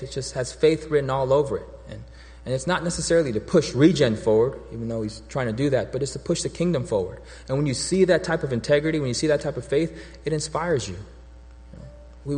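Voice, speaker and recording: A man's voice: medium pitch, darkish tone. A man preaching a sermon in a loose, conversational way, breaking off and restarting and acting out quoted voices. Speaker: pastor. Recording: long hall reverb.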